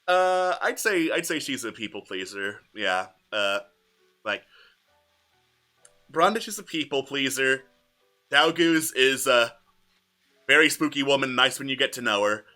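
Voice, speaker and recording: A man's voice: mid-range voice, expressive, measured pace, long pauses, bright, forceful tone, faint music behind. A man in casual group chat, describing the characters of a campaign setting with a laid-back, jokey manner.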